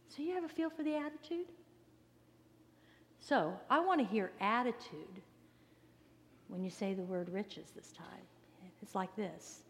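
A woman pastor giving a sermon, earnest and emphatic, sometimes dropping to a soft near-whisper. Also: medium pitch, animated, unhurried, long pauses. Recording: long reverb of a large hall.

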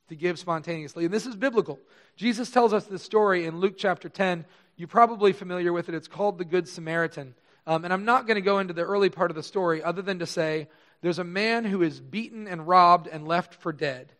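A man's voice: sits high, fairly bright tone. A male pastor preaching a sermon, telling stories in a conversational, self-deprecating way.

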